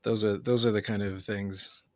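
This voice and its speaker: A man in casual conversation, talking in a halting, reflective way with many fillers and restarts. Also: on the low side, little pitch movement, no room sound, clean studio sound. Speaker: conversation partner.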